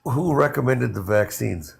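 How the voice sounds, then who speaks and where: A man's voice: mid-range voice, animated, a little slow, gravelly, slightly rough. A man guest-debating on a political livestream, firing off terse, needling questions.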